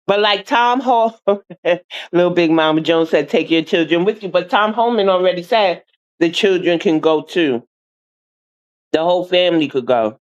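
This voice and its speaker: A woman's voice: lowish voice, a little slow. Woman streamer host, blunt and fed up, talking to her viewers, dull lo-fi audio. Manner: blunt, exasperated, addresses viewers as y'all. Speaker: online show host. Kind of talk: casual livestream commentary.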